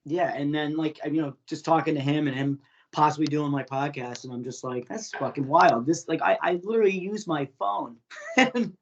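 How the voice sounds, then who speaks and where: A man's voice: a little high, moderate pace, lo-fi sound. A man hosting a podcast in casual chat, laughing often and swearing freely with many fillers. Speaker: podcast host.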